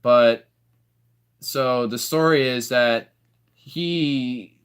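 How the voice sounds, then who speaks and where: A man's voice: mid-range voice, drawn-out words, clear, resonant tone. A young man in casual chat, rambling through stories with lots of fillers and restarts. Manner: rambling, filler-heavy storytelling.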